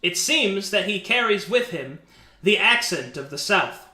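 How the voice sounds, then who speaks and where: A man running a tabletop game who narrates the scene casually and often breaks into chuckles. His voice is fairly high and bright, and his pace is unhurried. The room gives the sound an echo. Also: lively intonation. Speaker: game master.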